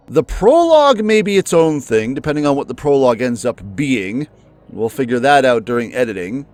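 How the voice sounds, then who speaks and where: A man hosting a let's play, chatting and musing about the story before playing, his pitch jumping up often. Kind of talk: casual commentary before a game. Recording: faint music underneath.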